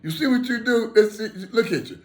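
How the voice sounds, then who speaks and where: A man putting on an excited, high, teasing buddy. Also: fairly quick. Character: exuberant grown man friend, thrilled at recovering.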